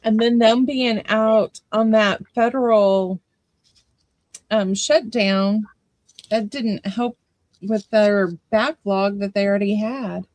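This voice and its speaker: A woman's voice: mid-range voice, fairly even intonation, slow, a little mellow, no echo. A woman co-hosting a casual livestream, explaining things in a plain, matter-of-fact way. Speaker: co-host.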